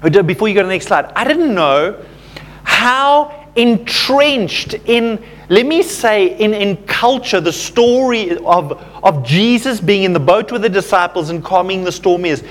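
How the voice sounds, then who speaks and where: A man preaching a sermon to his congregation, telling stories in a relaxed, conversational way, full of fillers and self-deprecating asides. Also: high-pitched, unhurried. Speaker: pastor.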